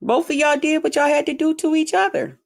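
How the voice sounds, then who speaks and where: A high-pitched, gravelly woman speaks a little fast as she hosts a livestream. She rants at her chat bluntly, swearing a lot and mimicking people in a mocking drawl.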